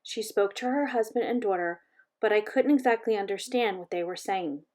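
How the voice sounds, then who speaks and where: The reader, a woman whose voice sits in the mid range, narrates a children's chapter book aloud gently and at a measured pace.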